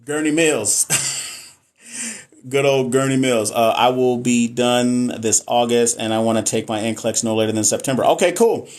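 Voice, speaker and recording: A man's voice: medium pitch, moderate pace. A man from Texas, chatting casually and jokingly on a live stream as a nurse educator, reading and answering viewer comments.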